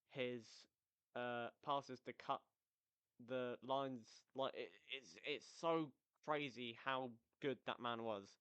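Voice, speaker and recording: Guy chatting football on his own, lots of tangents, smooth voice but kinda dull lo-fi sound. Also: mid-range voice, no echo. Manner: energetic, rambling with tangents. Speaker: football podcast host. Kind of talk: casual solo football recap.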